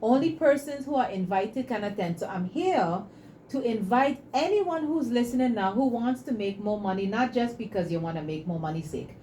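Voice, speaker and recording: A woman, a guest in an interview, telling stories and making her pitch with preachy passion. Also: lively intonation, moderate pace, dark tone, slight background noise, rough recording. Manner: passionate, preachy, acts out dialogue. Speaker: entrepreneur guest.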